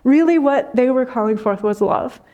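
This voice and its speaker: Woman spiritual teacher, higher voice, gentle reflective talk after meditation, soft frequent laughter, unhurried. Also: dull audio.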